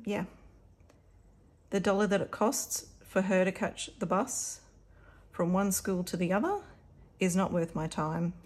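Australian woman host, casual home vlog, friendly chat over cash counting, mid pitch. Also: a little mellow. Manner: chatty and upbeat, talking to viewers while counting. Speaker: budget vlogger.

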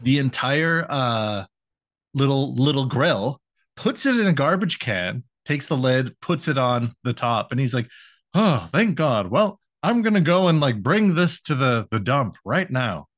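Young guy podcast host, swears a lot, acts out the scenes all animated and loose. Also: medium pitch, a little slow. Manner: profane, animated retelling with laughs. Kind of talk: casual recap chat.

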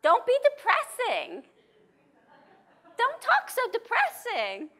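A woman's voice: extremely high pitch, wildly swooping pitch, slow, sharp tone, voice pushed up, heavily acted. A woman putting on the voice of a blunt, bossy female TV producer with a New York accent. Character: brash pushy female TV producer.

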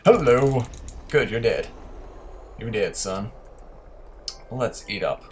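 A young man talks through his match in a relaxed, unhurried way, teasing his opponents. His pitch swings widely, and he jumps to loud, excited shouts when a fight heats up. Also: a little hiss or hum. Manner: playfully taunting opponents, bursts of loud excitement. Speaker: gaming commentator. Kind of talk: casual gameplay commentary.

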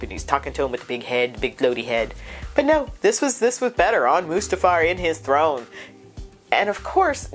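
A woman hosting a reaction video in casual chat, excitable and gushing, sounding stuffed up from crying. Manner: excitable, gushing, with big pitch jumps.

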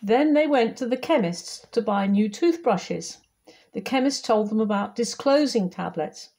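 A woman volunteer reading a children's picture book aloud, lively and talking straight to young listeners. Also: fairly high pitch, measured pace, creaky. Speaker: volunteer storybook reader.

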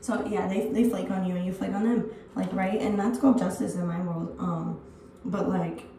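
A woman's voice: medium pitch, little pitch movement, normal speed, vocal fry, warm tone, a little hiss or hum. A young woman in her early twenties, rambling bluntly with swearing as she chats while getting ready at home. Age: early 20s. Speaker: vlogger. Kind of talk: get-ready-with-me chat. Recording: echoey room, distant mic.

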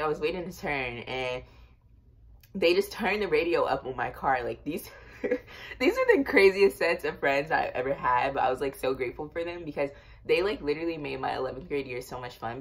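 A young woman casually telling a storytime tale to her viewers, chatty and animated, with lots of fillers. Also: sits low. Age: young adult. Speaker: vlogger.

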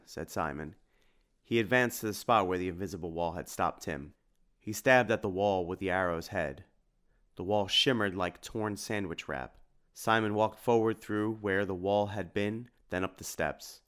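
A man narrating an audiobook in a lively, dramatic reading style. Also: sits low.

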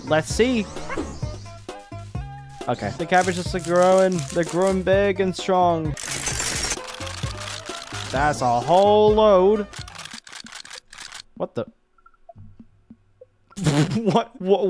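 A man narrating his own gameplay in a let's-play video, reacting with excitable exclamations and laughs. His voice sits a little on the higher side. Music plays clearly underneath him. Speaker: gaming YouTuber.

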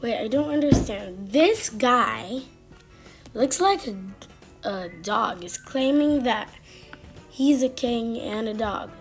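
A high-voiced woman streamer chatting her way through a game, excitable and full of exclamations. She talks at an unhurried pace, with a light, high pitch throughout. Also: faint music behind. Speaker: gaming streamer. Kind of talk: casual game commentary.

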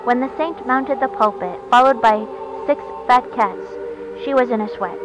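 Woman reading a story, fairly high voice. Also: normal speed, over music. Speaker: narrator. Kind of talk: reading a short story aloud. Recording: dull lo-fi recording, faint hiss.

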